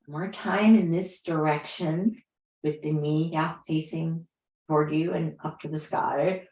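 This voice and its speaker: Soft-spoken lady leading yoga, slow and lowish, roomy echo. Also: fairly even intonation, vocal fry. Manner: gentle, unhurried cueing with soft affirmations. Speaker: yoga teacher. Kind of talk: guiding a yoga class. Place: class room.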